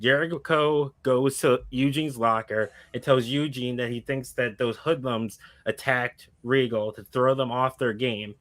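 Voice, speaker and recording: A man's voice: medium pitch, fairly even intonation, measured pace, few pauses, a bit bright. A man co-hosting a podcast, casually recapping a wrestling storyline with lots of fillers and restarts. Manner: rambling, filler-heavy storytelling. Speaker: podcast co-host. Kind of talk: casual chat recapping a fantasy wrestling booking.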